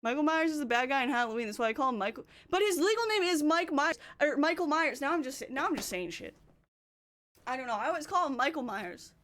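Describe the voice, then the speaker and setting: A woman's voice: high voice, animated, fast talker, a bit bright. A young Canadian woman streaming, chatting casually in a rambling, self-interrupting way with a Canadian accent. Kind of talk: casual chat.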